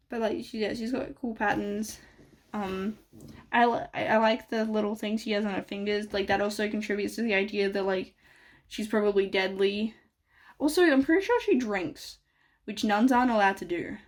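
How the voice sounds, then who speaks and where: A woman talks through character designs in a loose, chatty commentary, her sentences trailing into "like" and "um" and restarting mid-thought. She breaks into small chuckles here and there. Her voice sits at a middling pitch for a woman. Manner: rambling, full of "like" and "um" fillers, self-correcting; chuckles now and then. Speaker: YouTuber analyzing game character designs. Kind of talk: casual commentary.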